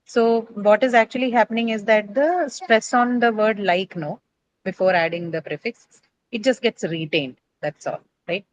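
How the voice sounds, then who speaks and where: A woman's voice: mid-range voice, moderate pace, a little hiss or hum, poor audio. A woman teaching English pronunciation in an online class, explaining patiently step by step and checking in with tag questions.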